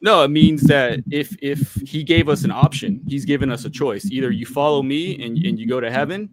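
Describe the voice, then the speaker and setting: A man's voice: medium pitch, a little fast, heavy background noise. A man on a video call arguing his beliefs in a casual debate. He talks earnestly and persuasively, often repeating himself and checking that the listener follows. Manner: earnest, persuasive, repeats himself and asks "you know what I'm saying?". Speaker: guest on a livestream debate.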